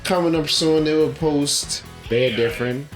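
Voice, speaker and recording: A man co-hosting a podcast in casual chat, laid-back and quick to laugh. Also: on the high side, faint music behind. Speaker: podcast co-host. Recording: roomy echo.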